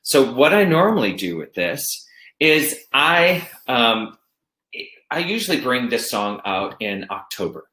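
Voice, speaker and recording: A male elementary music teacher talks through a classroom activity in a chatty, easygoing way and sometimes breaks into slow singing. His voice sits at an ordinary middle pitch. The sound is roomy and echoey. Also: big pitch swings, sharp tone. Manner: chatty, demonstrates songs by singing them slowly. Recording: roomy echo.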